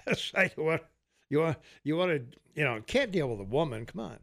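A man's voice: on the high side, very animated, normal speed, creaky. An older man hosting a talk radio show, rambling through political banter with lots of fillers and easy laughter.

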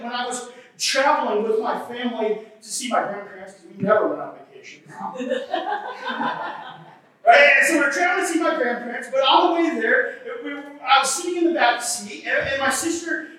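Pastor in an echoey hall. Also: male voice, very high voice, brisk, sharp tone, recorded from a distance. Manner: conversational, keeps asking "right?". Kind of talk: sermon. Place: church hall.

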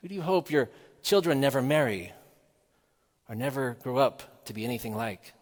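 A man preaching a sermon in a measured, earnest way, asking the listeners rhetorical questions. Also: mid-range voice, lively intonation, long reverb tail.

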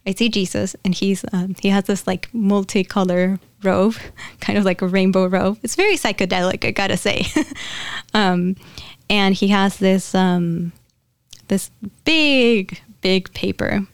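A woman in a casual channeling session, chatty and prone to giggles, her speech loose and full of fillers. Her voice sits at an ordinary middle pitch. The recording is dry, with no room sound around her. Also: measured pace, clean tone, no room sound. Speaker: spiritual medium.

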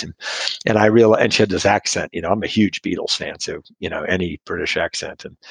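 A middle-aged man tells a long personal story in a conversation, wandering off course and poking fun at himself. His voice is low, gravelly and husky. The sound is dry and close, with no room echo. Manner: rambling and self-deprecating, with frequent restarts and chuckles.

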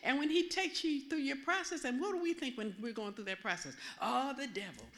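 A woman minister giving a sermon in an animated, conversational way, often asking her listeners questions. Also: high-pitched, fast talker.

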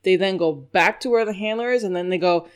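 A woman's voice: on the low side, brisk, smooth. A woman from New York who trains scent work dogs, giving an informal teaching talk in a chatty, emphatic way and often laughing at her own points.

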